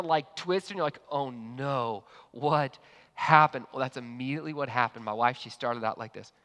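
A man preaching a sermon to an online congregation, telling a personal story in a lively, conversational way. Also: on the high side. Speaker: pastor. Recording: long hall reverb.

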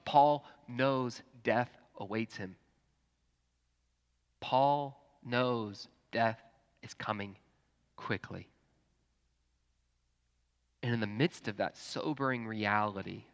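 A man's voice: medium pitch, slow, long pauses. Earnest preaching man in a reverberant hall. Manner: earnest, swings from hushed to fervent. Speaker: pastor. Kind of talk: sermon. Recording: long reverb in a church hall.

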